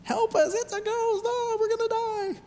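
Panicked fishermen in falsetto. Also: male voice, flat delivery, moderate pace, warm tone, long reverb tail, a little hiss or hum. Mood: terrified. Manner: shrill, frantic squealing.

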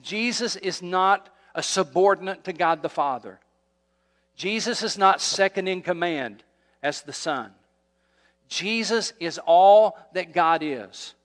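A man's voice: high-pitched, expressive, slow, fairly bright tone. A male pastor delivering a sermon, emphatic and repetitive, building intensity as he preaches. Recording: long hall reverb.

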